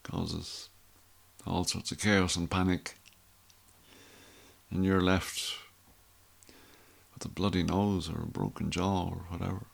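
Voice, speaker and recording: A man's voice: low voice, little pitch movement, takes it slowly, gravelly, pauses often, slightly rough. A middle-aged Irish man telling a rambling, wry story in a casual monologue. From Ireland. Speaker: vlogger.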